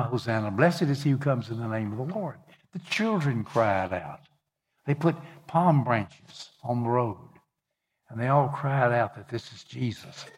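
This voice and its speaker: A man preaching a sermon, reading scripture and speaking conversationally with fillers. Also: on the low side. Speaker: pastor.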